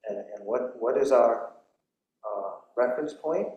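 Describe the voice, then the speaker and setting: A man's voice: medium pitch, a little slow, lo-fi sound. A man, a Buddhist monk, giving a dharma talk at a retreat in a conversational storytelling way, often checking in with the listeners. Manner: conversational storytelling, many "right?" asides. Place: temple hall during a retreat. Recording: roomy hall echo.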